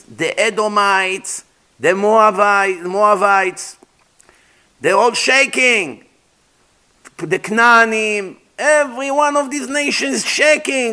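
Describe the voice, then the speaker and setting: A middle-aged rabbi lecturer delivers a storytelling sermon in a voice that sits high. He is animated, acts out dialogue, and weaves in Hebrew terms.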